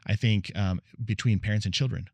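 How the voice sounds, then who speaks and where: A man's voice: on the low side, fairly quick, vocal fry, dry recording. A man in his thirties, a podcast guest, talking earnestly in casual conversation and acting out quoted lines as he tells stories. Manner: earnest, storytelling, acts out quotes. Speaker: podcast guest, marriage researcher.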